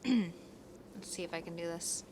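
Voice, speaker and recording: A woman's voice: fairly low pitch, unhurried, dark tone. A woman co-hosting a podcast in casual chat, giggly and swearing casually. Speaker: podcast co-host.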